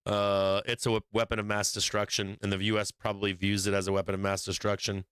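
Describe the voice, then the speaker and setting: A man's voice: fairly low pitch, little pitch movement, fast, fairly bright tone, clear, resonant tone, dry recording. A man hosting a live stock market stream who is losing his voice, reading headlines aloud and talking bluntly with lots of profanity. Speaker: stock market livestream host. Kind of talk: casual market commentary with profanity.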